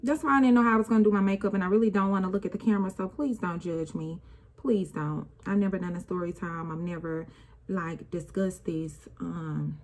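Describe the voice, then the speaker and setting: A woman's voice: fairly low pitch, brisk, darkish tone. A young woman talking through an emotional personal story while doing her makeup, with a casual, rambling, conversational delivery and speech. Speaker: vlogger.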